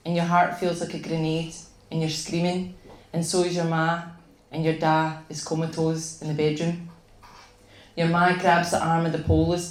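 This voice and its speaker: A woman with a Glaswegian accent reading her own short story aloud at a live event, unhurried and vivid. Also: fairly low pitch. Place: bar venue, live event. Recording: echoey bar room.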